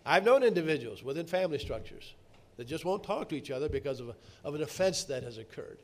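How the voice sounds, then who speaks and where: A middle-aged man preaching a sermon, earnest, slowing down to stress key words and rising to emphatic peaks. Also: medium pitch, very animated.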